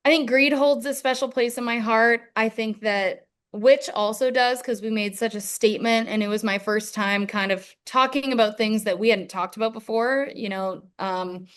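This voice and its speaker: A woman's voice: a little high, fairly even intonation, moderate pace, hardly any pauses, a bit bright, smooth. A young adult woman musician in a casual interview, talking in a rambling way with many fillers. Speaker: musician guest.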